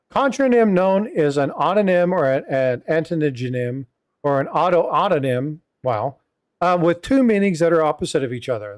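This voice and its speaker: A man's voice: fairly high pitch, a little mellow, dry recording, clean studio sound. A middle-aged man hosting a casual livestream chat, rambling with many fillers and asides. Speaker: host.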